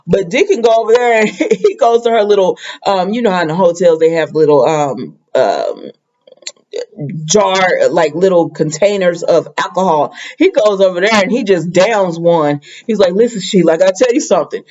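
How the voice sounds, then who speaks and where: A woman's voice: lowish voice, lively intonation, moderate pace, a little mellow, muffled recording. A woman chattily recapping a soap opera episode for viewers in a casual spoken style. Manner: chatty, addresses viewers directly.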